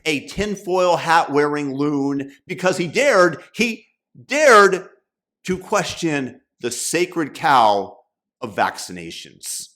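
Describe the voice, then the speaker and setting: A man's voice: fairly high pitch, expressive, slow, fairly bright tone. A man hosting a satirical commentary rant in a mocking, sarcastic manner. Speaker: commentary host.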